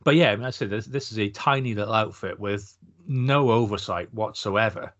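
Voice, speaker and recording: A man's voice: on the low side, normal speed, fairly bright tone. A Welsh man co-hosting a podcast, chatty and sweary, throwing in trivia. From Wales. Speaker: podcast co-host. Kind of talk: casual podcast chat. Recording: slightly dull lo-fi audio.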